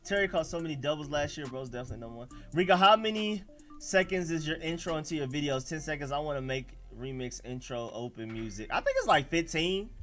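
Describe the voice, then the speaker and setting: Animated Atlanta man hosting a livestream. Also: a little high, fast, soft background music. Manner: animated, slangy, reacts to live chat. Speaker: livestream host. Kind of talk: casual sports livestream chat.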